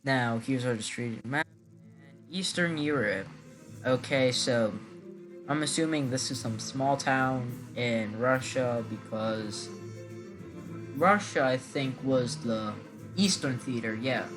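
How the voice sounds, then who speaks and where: A man's voice: mid-range voice, slow, music in the background. A man hosting his gaming channel, giving casual, rambling gameplay commentary with many hesitant fillers.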